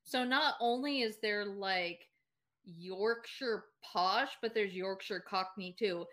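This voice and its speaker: A woman's voice: medium pitch, slow, a bit bright. A woman co-hosting a podcast, talking in casual chat, opinionated and laughing often. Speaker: podcast co-host.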